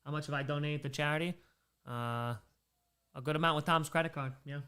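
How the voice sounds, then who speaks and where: A man's voice: fairly high pitch, brisk, sharp tone, smooth. A man hosting a charity livestream, reading out donations and bantering with chat, sometimes in character as a made-up persona.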